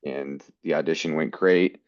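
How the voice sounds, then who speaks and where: Man, very low voice, american, earnest storyteller, muffled lo-fi sound. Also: steady tone, normal speed, no room sound. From United States. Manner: earnest, quotes people in his stories. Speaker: guest actor. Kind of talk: storytelling interview.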